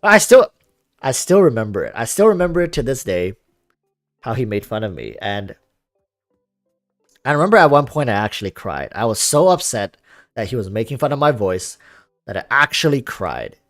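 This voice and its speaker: This young man has a calm, relaxing voice that still bounces up and down in pitch as he rambles. He reads out and answers viewer comments on a casual game stream. The sound is close and dry, with faint music underneath. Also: moderate pace, pauses often, dry recording. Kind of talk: casual livestream chat.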